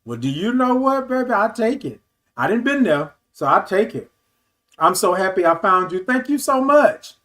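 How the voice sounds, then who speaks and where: On a laid-back livestream talk show, a fifty-something host reads out what viewers write and replies fondly and with plenty of animation. He speaks at a normal speed in a high-sitting voice, calling people "baby" and "y'all."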